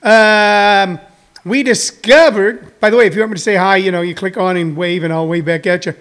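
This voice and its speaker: Middle-aged man, light high voice, rambling live-show host, slightly winded. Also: fairly even intonation, normal speed, a bit bright. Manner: rambling, chatty, jokey asides. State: a little out of breath. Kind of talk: live-stream talk show monologue.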